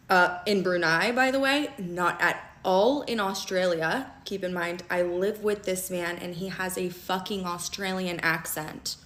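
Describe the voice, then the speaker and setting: A young woman telling a personal story in a vlog, emphatic and fast, often stopping to check in with "okay?". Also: medium pitch, bright, forceful tone. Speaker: storytime vlogger. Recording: echoey room.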